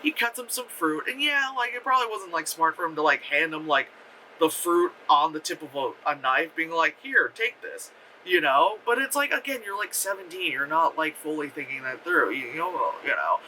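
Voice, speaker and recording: A young man recaps a film in loose, profane chatter, full of fillers and excited retellings. His voice sits a bit high and sounds very bright and forceful, with a faint hum behind him. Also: brisk, low-quality recording. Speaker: movie reviewer. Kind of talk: casual rambling film review.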